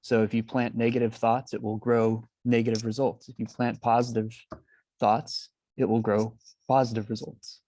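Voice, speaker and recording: A man's voice: medium pitch, level tone, moderate pace, warm tone, dry recording. Hesitant man on a video call. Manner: hesitant, with frequent "uh". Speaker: call participant. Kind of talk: casual chat.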